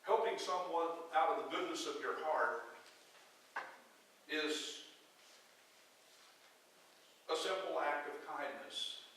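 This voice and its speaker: A pastor delivers a sermon with a bright, ringing edge to his voice, sitting a little high for a man. He tells folksy stories with a joke teller's timing. He sounds far from the mic, in a very echoey church with faint room noise. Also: unhurried. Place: church sanctuary.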